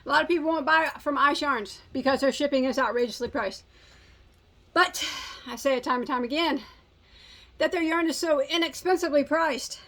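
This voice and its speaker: A woman in her forties with a slightly high voice, chatting casually to her viewers. She rambles, makes fun of herself and jokes around, with a little breathlessness. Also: moderate pace, fairly bright tone. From United States. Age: 40s. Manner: rambling, self-mocking, jokey. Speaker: crochet channel host. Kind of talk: casual chat.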